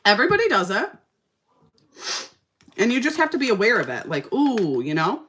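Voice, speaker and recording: A woman's voice: on the high side, moderate pace. A young woman talking casually and sassily while doing her makeup, telling a story with lots of feeling. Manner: sassy, animated storytelling. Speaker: makeup vlogger. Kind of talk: casual makeup-tutorial chat.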